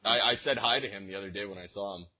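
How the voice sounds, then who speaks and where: A man's voice: on the low side, very fast. A young man co-hosting a podcast, telling rambling casual stories full of fillers and restarts. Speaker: podcast co-host. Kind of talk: casual chat. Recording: dull lo-fi recording.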